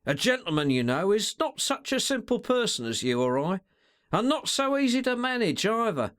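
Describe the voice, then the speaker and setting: A man voicing a sly, stealthy male secretary in a storybook, with slangy, sneering, drawn-out remarks. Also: sits high, very animated, a bit bright, pitched above the performer's own voice. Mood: scornful.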